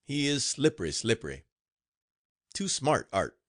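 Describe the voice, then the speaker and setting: A grumbling old plantation master with a raised, carrying voice that dips and climbs as he warns, as a male narrator puts him on. His delivery is lively and full of swings in pitch, set against a dry, close storybook recording. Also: a little slow, no echo. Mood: suspicious. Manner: grumbling, warning.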